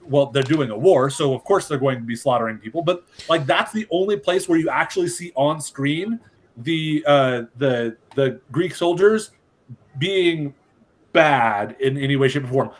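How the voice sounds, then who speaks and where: Measured man hosting casual podcast. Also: fairly high pitch, animated. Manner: measured, hedging with "like". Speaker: podcast host. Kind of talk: casual chat.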